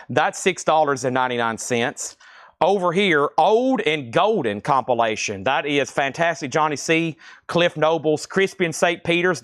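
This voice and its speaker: A man hosting a live record sale, calling out items, prices and buyers in a brisk, chatty way from a record shop storeroom. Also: a little high, a bit bright, no echo, studio quality. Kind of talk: livestream auction calling.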